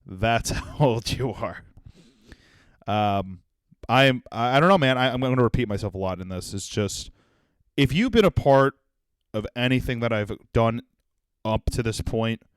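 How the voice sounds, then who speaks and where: Profane, joking young comedy podcast host. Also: male voice, medium pitch, animated, unhurried, long pauses, clear, resonant tone, no room sound, studio quality. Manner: profane, self-deprecating, swings between jokes and sincerity. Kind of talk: solo comedic monologue.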